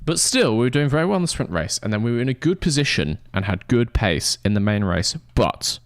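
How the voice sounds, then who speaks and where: A man's voice: mid-range voice, expressive, moderate pace, no echo, studio quality. A young man chatting casually with his live-stream viewers, rambling and swearing in mock-indignant banter.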